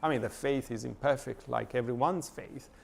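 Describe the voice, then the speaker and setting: Halting man lecturing, gravelly voice. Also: mid-range voice. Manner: thoughtful, many hesitations and fillers. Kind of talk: lecture reading and analyzing a poem. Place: church lecture.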